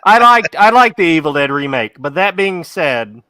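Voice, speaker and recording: A man's voice: on the high side, animated, moderate pace, bright, forceful tone, clear, resonant tone, no room sound. A man co-hosting a podcast, talking in blunt, profane, opinionated casual chat. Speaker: podcast co-host.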